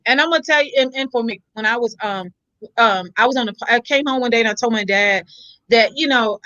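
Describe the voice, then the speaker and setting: A woman with a high, bright voice chats casually and bluntly, swearing freely as she tells stories. The sound is dry and a little dull, like a lo-fi stream. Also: a little fast, no room sound. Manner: blunt, profane storytelling, reads viewer comments. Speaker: co-host. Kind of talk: casual chat.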